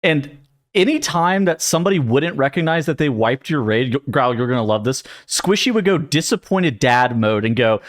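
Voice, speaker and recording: A man's voice: mid-range voice, expressive, normal speed. A young man co-hosting a gaming podcast, telling stories in casual chat and laughing as he mimics others. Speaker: podcast co-host.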